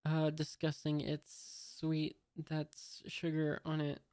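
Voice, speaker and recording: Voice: medium pitch, takes it slowly, smooth, no room sound, close to an everyday voice. A reader voicing a spoiled, cruel rich young man while reading a comic aloud, saying his lines plainly. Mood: sneering. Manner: reads the lines flatly, barely changing voice.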